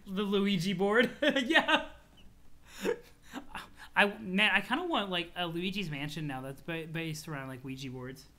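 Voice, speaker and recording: A streamer reading a webcomic aloud on a live stream, chatty and excitable, laughing often between lines. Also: medium pitch, measured pace.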